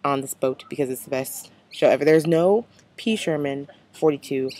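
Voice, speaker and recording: Young adult female, American accent, low-pitched, talky casual vlogger who fills every pause. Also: a little mellow. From United States. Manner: chatty, rambling, many fillers. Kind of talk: casual vlog.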